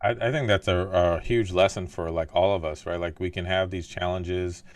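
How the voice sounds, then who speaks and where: A man hosting a podcast. His low voice is recorded close and dry. He reflects aloud in loose sentences full of "like" and "right?". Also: steady tone, moderate pace, dry recording. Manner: thoughtful, heavy use of "like" and "right?". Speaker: podcast host, doctor. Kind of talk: casual interview chat.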